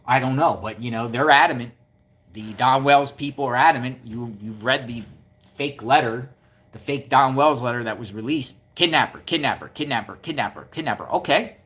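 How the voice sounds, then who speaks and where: A man's voice: mid-range voice, moderate pace, fairly bright tone. Combative man giving true-crime commentary. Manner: combative, repetitive, rhetorical questions. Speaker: YouTube commentator.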